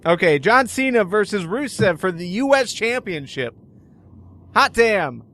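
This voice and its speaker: A man's voice: high-pitched, very animated, a little slow, fairly bright tone. Man hosting a wrestling podcast. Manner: runs the picks, asks each guest in turn. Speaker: podcast host. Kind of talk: casual podcast chat over a call.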